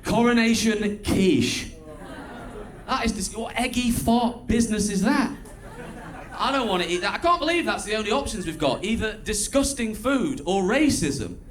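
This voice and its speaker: A lively man from Stoke-on-Trent, England, performs a stand-up comedy set on a comedy club stage before a live audience, and the crowd can be heard in the background. His voice is high and his pace moderate. He comes across as chatty and wry, breaking into bursts of loud mimicry.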